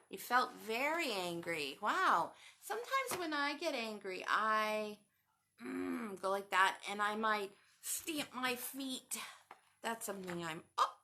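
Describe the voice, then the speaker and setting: A woman reading a picture book aloud to children, animated and sing-song, stopping to ask them questions. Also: mid-range voice, slow pace, a little hiss or hum. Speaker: children's storytime reader.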